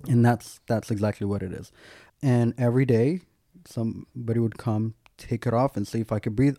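A man's voice: mid-range voice, normal speed, creaky, mellow, no room sound, clean studio sound. A man, a guest, telling a personal story in candid, casual talk, full of "like" and wry self-mocking humour.

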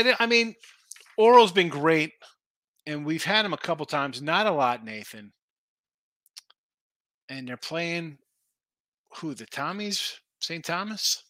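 Guy hosting a betting show, rambly, thinking out loud, crisp bright voice, dead dry sound. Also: fairly high pitch, no echo. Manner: rambling, thinks aloud over betting lines. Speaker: sports betting show host. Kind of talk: casual live-stream chat reading viewer picks.

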